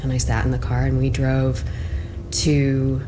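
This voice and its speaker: A woman's voice: a bass voice, monotone, unhurried, music in the background. A woman being interviewed, telling her story in a casual, conversational way with lots of filler words. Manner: conversational, with frequent "like" fillers and quiet asides.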